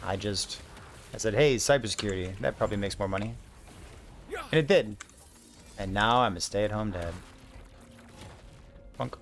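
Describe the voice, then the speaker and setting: A man's voice: lowish voice, big pitch swings, normal speed, pauses often, fairly bright tone. A man in his thirties chatting casually while streaming a game, rambling through a story with lots of fillers. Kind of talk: casual gaming stream chat.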